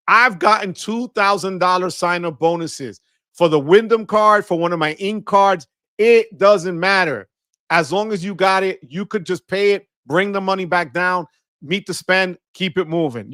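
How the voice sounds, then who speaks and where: A man hosting a live stream, greeting viewers one by one in an energetic, slangy way with Spanish words mixed in. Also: high voice, normal speed, no echo, clean studio sound. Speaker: livestream host.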